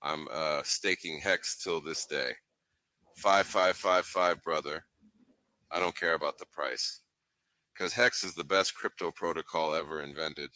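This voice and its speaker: A man's voice: rumbling low, steady tone, measured pace, bright, forceful tone, clean tone, no echo, exaggerated voice. A man voicing an eager male crypto fan in a meme video skit, who gushes over his hero and calls him brother. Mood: earnest. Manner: gushing and overeager.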